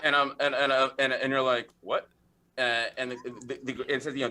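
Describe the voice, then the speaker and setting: A middle-aged man with a bright, clear-edged voice tells a story as a podcast guest. He talks in an animated, easygoing way, keeps checking in with "right?", and fills the gaps with "you know". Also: mid-range voice, brisk. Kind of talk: casual storytelling.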